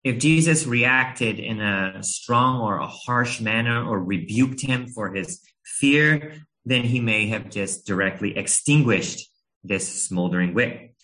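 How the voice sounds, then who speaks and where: A man in his thirties preaching a sermon, telling a family story in an earnest, gentle way with a few hesitations. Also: medium pitch, takes it slowly, low-quality recording.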